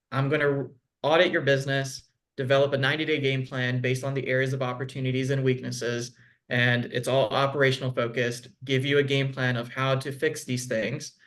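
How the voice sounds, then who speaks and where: A man's voice: mid-range voice, a bit bright. Chatty man on a video call. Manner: conversational, frequent "like" and "um". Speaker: business consultant guest. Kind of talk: casual video call chat.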